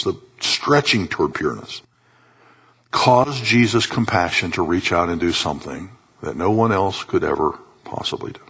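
Impassioned husky male preacher. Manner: passionate, swings from loud soaring highs to soft low tones. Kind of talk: sermon.

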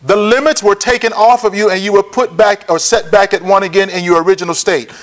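Man, high voice, Bible teaching, repeats points slowly, checks listeners. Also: fairly even intonation. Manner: repeats key points slowly for note-taking. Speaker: preacher.

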